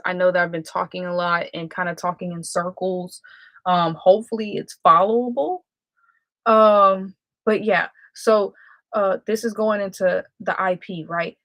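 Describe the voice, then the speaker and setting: A chatty woman hosts a live stream, wandering off topic and correcting herself mid-sentence. Her voice is medium in pitch and a bit bright, recorded with no room sound.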